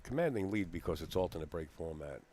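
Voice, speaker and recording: A man commentates on a pool match from a booth in a very deep voice. He banters in a folksy, jokey way and laughs easily. Faint noise sits behind him. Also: expressive, fast, warm tone.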